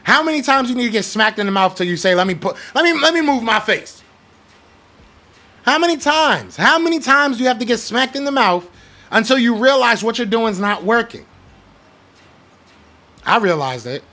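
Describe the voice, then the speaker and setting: A man's voice: very high voice, expressive, fairly quick, bright, forceful tone. A young man hosting a podcast, ranting about his team in blunt slang with fired-up emphasis and reading out live chat comments. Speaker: podcast host. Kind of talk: heated sports rant, reading live chat.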